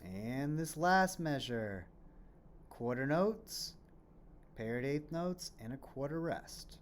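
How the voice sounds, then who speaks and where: Slow, patient male music teacher. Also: mid-range voice, expressive. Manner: slow and patient, asks questions and answers them; chants rhythm syllables while clapping. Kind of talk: recorded music lesson for children.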